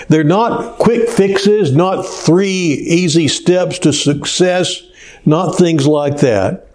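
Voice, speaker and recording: A man preaching a sermon as pastor, telling a story in a slow, unhurried way. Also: on the high side, a little mellow.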